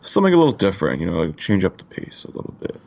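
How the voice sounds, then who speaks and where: A man's voice: sits low, wildly swooping pitch, very fast, creaky, darkish tone, lo-fi sound. A man from Canada co-hosting a podcast, chatting in a laid-back, profane way full of fillers. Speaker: podcast co-host. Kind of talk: casual chat.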